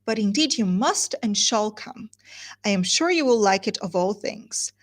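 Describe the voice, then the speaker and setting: A woman's voice: mid-range voice, lively intonation, measured pace. A woman reading aloud and voicing a cheerful, silly young wife who talks with bubbly enthusiasm. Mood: gushing.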